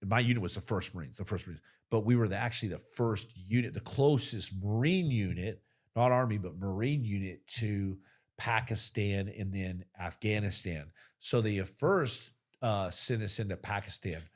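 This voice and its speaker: Forties male veteran, slightly low voice; animated, salty podcast storyteller who punches his key lines. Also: moderate pace. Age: 40s. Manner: animated, profane, swings to loud emphasis. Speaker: podcast guest, military veteran. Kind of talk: casual storytelling.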